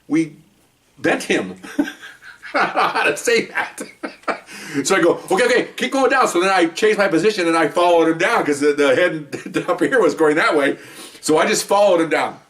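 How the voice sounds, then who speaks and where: A man's voice: a little high, moderate pace, fairly bright tone, recorded from a distance. An older man, a retired police officer, casually telling a story from the job, acting out scenes with sudden yelps and laughter.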